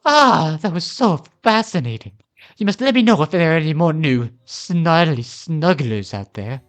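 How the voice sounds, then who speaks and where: A man voicing an excitable female castaway researcher from a video game, eager and formal. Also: fairly high pitch, normal speed, pitched above the performer's own voice, natural voice.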